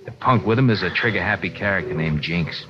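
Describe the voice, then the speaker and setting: A man's voice: deep voice, a little fast, close to an everyday voice. A man playing a world-weary private eye who talks in a languid, theatrical, self-mocking way, in 1940s radio acting. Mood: wry. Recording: lo-fi old radio broadcast with music.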